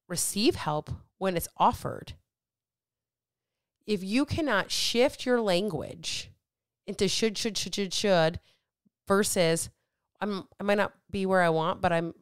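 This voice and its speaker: Blunt, swearing woman coach, crisp and dry. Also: medium pitch, no echo. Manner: blunt and emphatic, swears freely; motivational, addresses listeners directly. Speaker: weight loss coach and podcast host. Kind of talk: casual podcast monologue.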